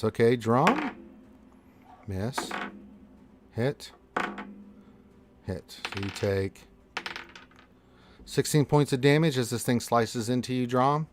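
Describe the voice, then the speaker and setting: A man's voice: medium pitch, background noise. A man running a tabletop game as dungeon master, teasing his players in a joking, casual way.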